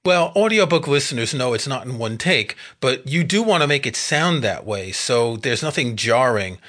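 A man hosting a podcast interview, asking questions and commenting in a measured, conversational way. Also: medium pitch, animated, fairly bright tone. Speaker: podcast host.

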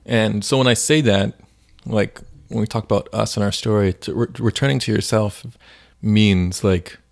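A man's voice: lowish voice, fairly even intonation, moderate pace, creaky. A man co-hosting a faith podcast, chatting casually and retelling stories with many fillers. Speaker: podcast co-host.

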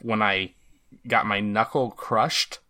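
A man guesting on a podcast who tells a story haltingly, repeating his words. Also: on the low side, steady tone, sharp tone, dry recording, studio quality. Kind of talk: casual chat.

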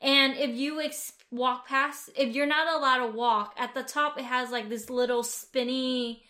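A woman's voice: high voice, fairly even intonation, unhurried, bright, forceful tone. A woman from the United States co-hosting a casual chat, rambling a little, with many fillers and restarts. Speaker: podcast co-host.

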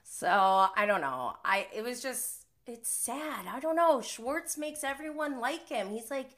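A woman's voice: high voice, expressive, takes it slowly, a bit bright. A woman hosting a casual live-stream recap of a reality show, chatting loosely with many "like"s and frequent laughter. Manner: chatty, heavy use of "like", often laughing.

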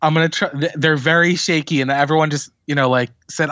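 A man hosting a podcast, chatting casually and recapping a TV episode with lively storytelling. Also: on the high side, fast, no room sound, dull audio. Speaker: podcast host doing recaps.

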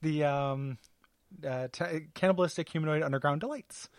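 A man with a slightly higher voice co-hosting a podcast in easy, casual chat. He hesitates often, filling gaps with ums and laughing easily. The sound is dry and close. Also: normal speed, dry recording. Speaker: podcast co-host.

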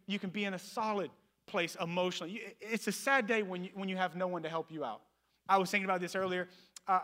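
In a church, a pastor in his thirties preaches a sermon, shifting between loud, emphatic calls and soft, low asides.

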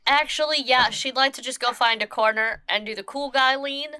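A woman's voice: high-pitched, moderate pace, bright, forceful tone, smooth, dry recording. A woman playing a tabletop role-playing game, talking casually with a dry, sardonic humor. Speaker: player.

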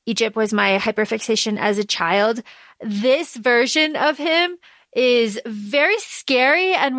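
A woman's voice: on the high side, fairly bright tone, dry recording, clean studio sound. A woman co-hosting a podcast, casually discussing a book and retelling scenes with lots of fillers. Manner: rambling retelling full of fillers. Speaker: podcast co-host.

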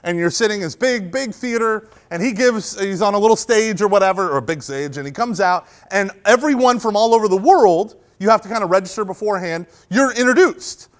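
A man giving a humorous storytelling talk at a Catholic youth event. He is animated and jokey, and he breaks into shouting when he acts out parts of the story. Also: sits high, fairly quick, hardly any pauses.

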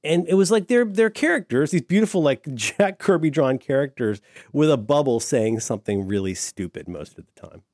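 A middle-aged man talking in an enthusiastic, rambling way, with lots of fillers and restarts. His voice sits a bit high and swings widely in pitch. The recording is dry and close. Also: lively intonation, normal speed, darkish tone, no room sound. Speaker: podcast co-host. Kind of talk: casual chat.

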